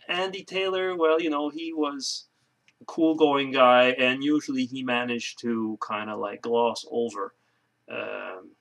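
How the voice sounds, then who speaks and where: Speaking to his camera for a casual vlog, a man rambles through a joke full of fillers and restarts. His mid-range voice is creaky and slightly bright.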